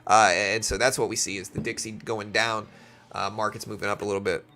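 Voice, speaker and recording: A man's voice: lowish voice, flat delivery, a little fast, bright, forceful tone, slight background noise. A man with a light South Louisiana accent hosting a live trading stream, chatting casually with viewers as he calls out market moves. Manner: chatty, answers viewer chat while calling market moves.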